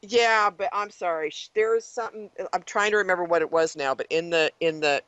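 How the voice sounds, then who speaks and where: A woman co-hosting a casual podcast, thinking aloud with many halting restarts. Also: fairly low pitch, a bit bright, no room sound, lo-fi sound. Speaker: co-host.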